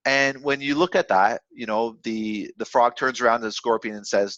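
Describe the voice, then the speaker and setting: A man's voice: medium pitch, normal speed, hardly any pauses, a bit bright, no room sound. A man giving a casual motivational talk on trading, rambling with many fillers and restarts. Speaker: trading educator. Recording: dry, dull lo-fi sound.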